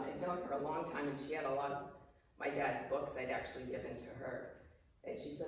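A woman's voice: deep voice, brisk, a little hiss or hum. A woman in her fifties giving a personal, emotional talk to a small audience, acting out quoted dialogue as she goes. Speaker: speaker giving a presentation. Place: apartment clubhouse room. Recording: echoey room, mic far off.

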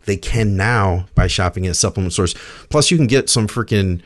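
Guy hosting a podcast, kinda low voice, chill and rambly, reads the sponsor stuff off the cuff. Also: normal speed, no room sound. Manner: relaxed, loose, filler-heavy delivery. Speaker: podcast host.

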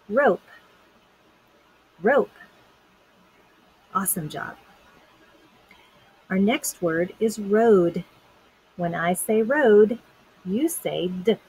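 Husky, slow-speaking woman teacher. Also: medium pitch, darkish tone, rough recording. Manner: slow, clearly enunciated, encouraging teacher talk. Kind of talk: children's phonics lesson.

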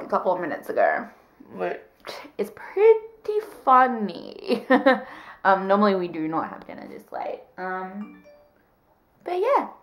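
A woman's voice: mid-range voice, low-quality recording. A young woman chatting casually in a vlog, giggling often and talking in baby talk to her dog. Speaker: vlogger. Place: walking outdoors on a street, later in bed at home.

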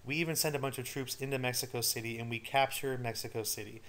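A man's voice: mid-range voice, steady tone, quick pace, a bit bright. A male history teacher giving a recorded study-guide lecture, casual and joking with his students.

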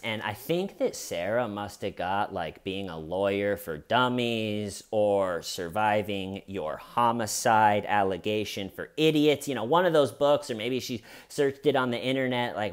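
A man's voice: lowish voice, animated, a little slow, few pauses, clear, resonant tone. A man giving casual comedic commentary on a true crime case, with sarcastic, incredulous asides.

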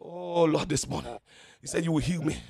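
High gravelly preacher man, very husky. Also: a little fast, a crowd in the background. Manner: rises from quiet preaching to shouted, sing-song calls. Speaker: pastor. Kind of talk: sermon.

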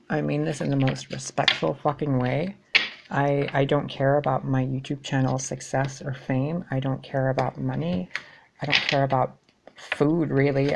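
A woman's voice: extremely low pitch, creaky, background noise. A woman giving a tarot reading in a blunt, exasperated way, swearing freely as she talks to her viewers. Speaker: tarot reader.

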